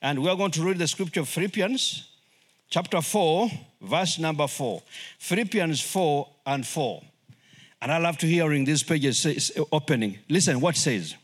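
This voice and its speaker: Animated high-voiced missionary preacher, man. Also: normal speed, husky. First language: not English. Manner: animated, acts out voices and laughs often. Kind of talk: sermon.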